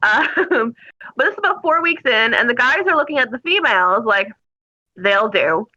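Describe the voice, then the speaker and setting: A woman's voice: high-pitched, brisk, highs cut off. A woman guest telling crude, funny stories in a casual interview, laughing as she goes. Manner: animated, laughing, crude humor.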